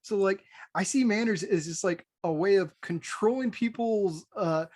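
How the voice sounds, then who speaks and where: A man's voice: high voice, moderate pace, a little mellow. An American man co-hosting a podcast, talking bluntly and swearing freely, with frequent laughs. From United States. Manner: blunt and profane, laughs often. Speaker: podcast co-host. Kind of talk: casual chat.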